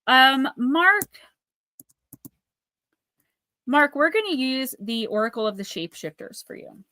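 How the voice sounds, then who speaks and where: A woman hosting a live stream, chatting in a rambling, animated way and reading oracle cards aloud. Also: high-pitched, slow pace, no room sound, clean studio sound. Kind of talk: casual live-stream chat and card reading.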